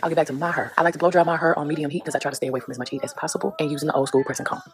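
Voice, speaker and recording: A woman's voice: deep voice, big pitch swings, racing, a loud crowd. A woman giving a casual voice-over, recorded on a phone held to her mouth, speaking in a matter-of-fact way.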